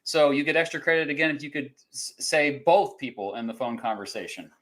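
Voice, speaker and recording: A man's voice: medium pitch, a little fast, a bit bright, rough recording. Host, man, casual chat, rambling delivery with chuckles and fillers. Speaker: podcast host running a quiz.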